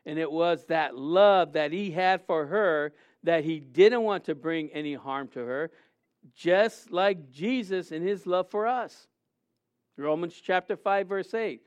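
A man preaching a sermon, animated and conversational, often acting out quotes in a raised voice. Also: on the high side, a little slow, clean tone. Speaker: pastor. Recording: dull lo-fi sound.

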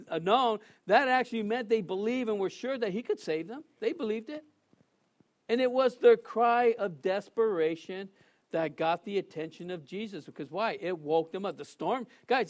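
A man with a high voice preaches with emphasis, driving points home by repeating them. He keeps turning to the congregation with questions as his sermon moves along. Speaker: pastor.

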